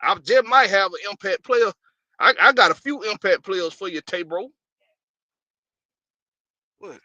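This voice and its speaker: Bright-voiced man hosting a stream. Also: high-pitched, expressive, unhurried, no room sound, highs cut off. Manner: loose, rambling, greets viewers by name. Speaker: live stream host. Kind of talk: casual live stream talk.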